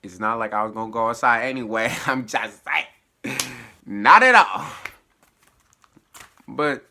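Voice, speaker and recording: A man at home giving a slangy, animated spoken recap of a TV episode, dropping to low mutters and jumping to high exclamations and laughing often. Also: normal speed, background noise. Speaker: TV episode reviewer. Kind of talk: casual spoiler recap.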